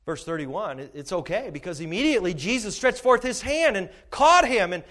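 A man preaching a sermon as pastor, emphatic, swinging from shouted peaks to hushed asides. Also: high voice, big pitch swings, a little fast, hardly any pauses.

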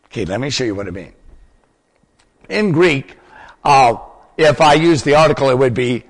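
Animated preacher in an echoing hall. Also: male voice, on the high side, moderate pace, gravelly, breathy edge. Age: older. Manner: teacherly, asks the audience questions. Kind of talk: sermon teaching. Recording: long hall reverb.

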